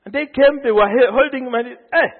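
High-voiced preacher in an echoing hall. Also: male voice, fast. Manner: animated storytelling, acting out quotes with laughter. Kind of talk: sermon. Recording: phone-like sound in a long-reverb hall.

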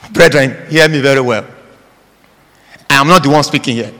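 A man preaching a sermon who calls on the congregation to answer him and swings between shouted lines and hushed, near-whispered ones. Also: medium pitch, normal speed, long pauses, long reverb tail.

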